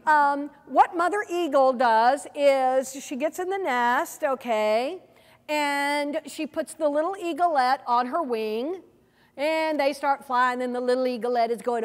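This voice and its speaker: A woman presenting a seminar workshop in a lively way, often asking the audience questions, recorded with a long hall reverb. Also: sits high, a little slow. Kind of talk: teaching a workshop.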